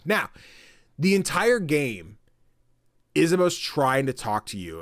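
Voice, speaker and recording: A man hosting a podcast, retelling a game story in casual chat with lots of fillers and lively swings between loud and quiet. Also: mid-range voice, a little slow, dry recording, studio quality. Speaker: podcast host.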